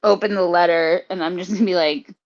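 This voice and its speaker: A woman's voice: on the low side, steady tone, fast, dull audio. A woman playing a tabletop game, casual and giggly, swearing freely. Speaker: player.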